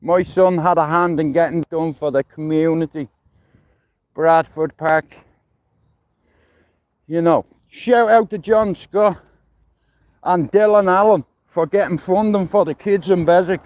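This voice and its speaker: Dublin guy rambling and swearing on a phone stream while walking, kinda high voice, sound's dull and muffled. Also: unhurried, pauses often, no echo. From Ireland. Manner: rambling, sweary, "you know what I mean". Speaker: livestreamer. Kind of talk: casual livestream chat. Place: outdoors, walking through a neighbourhood.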